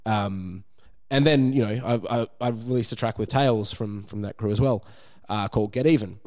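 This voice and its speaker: A man's voice: lowish voice, moderate pace. A man, a rapper chatting casually as a guest, swearing freely and telling stories with energy. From Australia. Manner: laid-back, swears freely, energetic storytelling. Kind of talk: casual chat.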